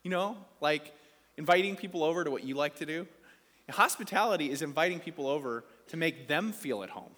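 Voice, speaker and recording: Pastor preaching in a long-echoing hall. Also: male voice, a little high, lively intonation, fairly quick, fairly bright tone. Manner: conversational, playful, asks the congregation questions. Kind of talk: sermon.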